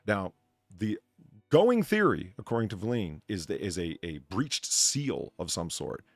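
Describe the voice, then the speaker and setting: Lively swearing man hosting. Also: on the low side, unhurried, no room sound, faint music behind. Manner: lively, swearing, stumbling restarts. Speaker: podcast host. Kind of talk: casual chat reading news.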